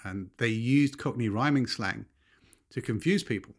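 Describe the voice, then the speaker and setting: A man, co-hosting a casual podcast chat, explaining things in a chatty way and quick to laugh. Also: medium pitch. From England. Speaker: podcast co-host.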